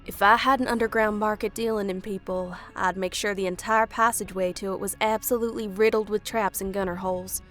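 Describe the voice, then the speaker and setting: A woman's voice: medium pitch, steady tone, fairly quick, few pauses, fairly bright tone, soft background music, natural voice. A woman voicing a determined young female agent with a dry, tense manner.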